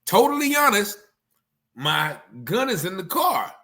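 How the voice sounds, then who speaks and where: A man's voice: sits high, very animated, a little slow, pushed and bright, pitched above the performer's own voice, heavily acted. A man voicing another man who explains himself to police in casual street talk. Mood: explaining.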